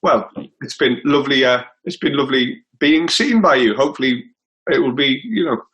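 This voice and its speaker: Brisk, matter-of-fact comedy host. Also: male voice, mid-range voice, fairly bright tone, low-quality recording. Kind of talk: casual chat.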